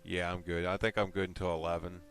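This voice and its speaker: A man with a fairly low voice talks casually to his live stream viewers. He rambles and teases, jumping from one thought to the next. Faint music plays underneath. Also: flat delivery, quick pace, a bit bright. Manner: joking, rambling, teasing.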